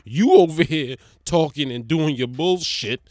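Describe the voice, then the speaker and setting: A man's voice: fairly high pitch, measured pace, darkish tone, no echo, close to an everyday voice. A man voicing a small, bossy female guard dog who scolds her owner in a profane, self-important way. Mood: scolding.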